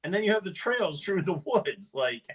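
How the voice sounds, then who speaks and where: A man's voice: sits high, very animated, moderate pace, a little hiss or hum, poor audio. A man chatting casually with friends, enthusiastic and laughing as he talks. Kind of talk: casual chat.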